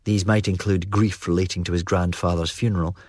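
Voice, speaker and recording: A man narrating a first-person novel as an audiobook, in a steady, even storytelling manner. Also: low-pitched, fairly quick, no room sound.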